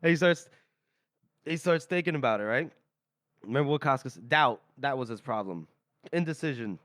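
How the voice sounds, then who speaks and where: Podcast co-host, male, smooth resonant voice, dry close sound, lively storyteller. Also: medium pitch, normal speed, no room sound. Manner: animated retelling with acted-out quotes and laughter. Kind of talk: casual book discussion.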